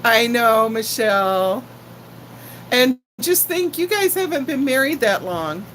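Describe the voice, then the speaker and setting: A woman's voice: on the high side, expressive, takes it slowly, a bit bright, slight background noise, poor audio. A woman in her sixties hosting a casual live stream, chatting affectionately with viewers and greeting them by name. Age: 60s.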